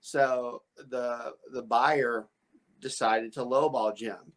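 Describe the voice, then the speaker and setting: Speaking slowly in a steady, medium-pitched voice, this real estate broker hosts a podcast. His storytelling wanders, full of restarts and stuttered repetitions, and he laughs often along the way.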